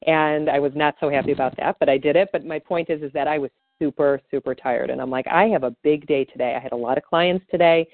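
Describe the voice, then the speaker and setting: Deep-voiced and fairly even in intonation, this practitioner moves fast with few pauses, guiding tapping and making casual conversation full of fillers. There's no echo, though the sound is tinny, like a phone call.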